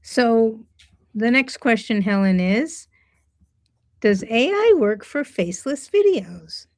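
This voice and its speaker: A woman's voice: on the high side, expressive, takes it slowly, darkish tone. A woman co-hosting a casual talk show, asking questions and giving brief agreement. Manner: short affirmations and curious questions. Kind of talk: casual conversation.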